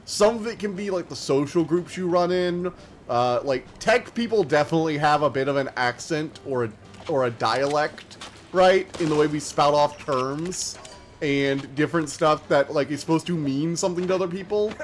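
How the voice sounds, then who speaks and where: Male game streamer, a bit high-pitched, quick and slurred, rambling casual chat. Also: a little hiss or hum. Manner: talks fast and slurs words together; chatty and rambling, many fillers. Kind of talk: casual live-stream chat while gaming.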